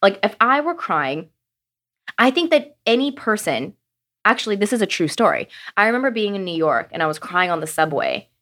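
A woman co-hosting a podcast, talking candidly and reflectively in a loose, casual way. Her voice sits at an ordinary middle pitch and her speech is full of "like" fillers. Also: big pitch swings, moderate pace, fairly bright tone. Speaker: podcast co-host. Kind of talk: casual conversation.

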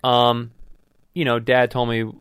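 A man's voice: medium pitch, monotone, takes it slowly, a bit bright, smooth, no room sound, studio quality. A young man hosting a casual chat, rambling and joking with frequent swearing and restarts. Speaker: host.

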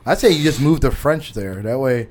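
A man's voice: medium pitch, lively intonation, crowd noise. A man hosting a podcast in casual chat, laughing often and swearing freely. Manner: laughing, profane, does quick silly voices. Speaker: podcast host.

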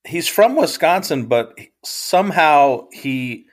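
A man's voice: fairly high pitch, animated, slow pace. A man co-hosting a podcast, recapping a TV show in a rambling, hesitant way full of ums. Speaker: podcast co-host. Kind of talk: casual chat recap.

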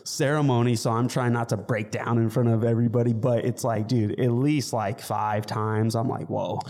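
A man's voice: mid-range voice, steady tone, moderate pace, a little mellow. A man co-hosting a fitness podcast, talking earnestly in a casual, rambling way with many restarts. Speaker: fitness coach, podcast co-host.

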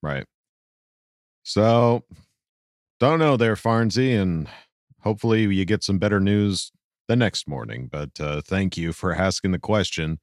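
A man's voice: deep voice, lively intonation, measured pace, pauses often, no room sound, studio quality. A man hosting a casual sports podcast, reading out listener questions and laughing often.

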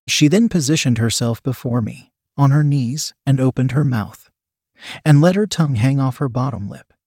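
A man's voice: mid-range voice, moderate pace, a little mellow, breathy edge, dry recording, clean studio sound. Man reading a first-person adult story. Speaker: narrator.

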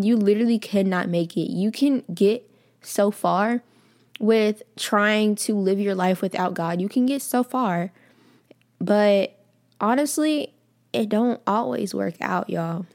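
Unhurried and a little mellow, a young podcast host speaks about faith in a mid-range voice. Her manner is earnest and relaxed; she addresses her audience as "y'all" and repeats phrases to drive points home.

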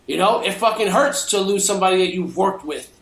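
A man with a fairly high voice rants hard on a podcast, swearing at every turn and calling people out. The sound bounces around a roomy space. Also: fairly quick, fairly bright tone. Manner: profanity-laced, fired-up ranting. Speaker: podcast co-host. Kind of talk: heated opinion rant on a podcast.

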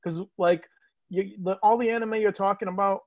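A man's voice: sits high, fairly even intonation, moderate pace, dry recording. A man in his fifties from New England, reminiscing in rambling casual chat with many fillers, as a guest on a podcast. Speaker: guest, host's father or uncle.

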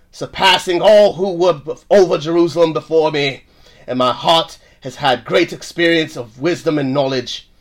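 A man's voice: fairly high pitch, fairly bright tone. Man putting on weary British King Solomon. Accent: put-on British. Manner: solemn, measured scripture reading. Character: weary old King Solomon, a male preacher.

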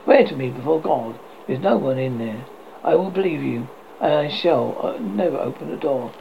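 A man reading aloud, voicing a suspicious French gentleman who speaks coldly and commandingly. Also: a little high, animated, moderate pace, creaky. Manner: cold and commanding. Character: cold, suspicious French gentleman, a stern husband. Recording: slightly dull, faint hiss.

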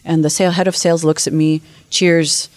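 Fast, lively woman telling a story. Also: sits low, no room sound. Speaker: guest. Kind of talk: casual storytelling interview. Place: conference venue.

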